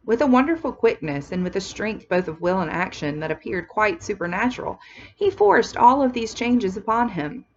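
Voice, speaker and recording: A woman's voice: medium pitch, sing-song, moderate pace, lo-fi sound, slight background noise. A woman English teacher reading a classic novel aloud to her class, stopping now and then to explain it in plain words. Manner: reads steadily, then explains in casual slangy asides.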